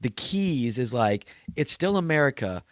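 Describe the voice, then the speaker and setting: Brief: male comedian guest, mid-pitched, telling chatty road stories, dry close mic. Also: very animated, measured pace, dry recording. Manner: storytelling, acts out voices of people he met. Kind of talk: casual podcast chat.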